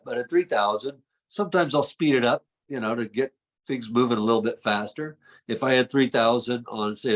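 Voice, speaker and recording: A man's voice: mid-range voice, fairly bright tone. A man hosting a video call interview, passing on viewer questions in an informal, hesitant way. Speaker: host.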